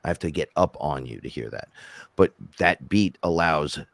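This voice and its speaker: A rapper co-hosting a podcast, telling rambling, animated stories in casual chat and quoting himself along the way. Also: male voice, extremely low pitch, normal speed, dry recording. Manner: rambling, animated storytelling with self-quotes.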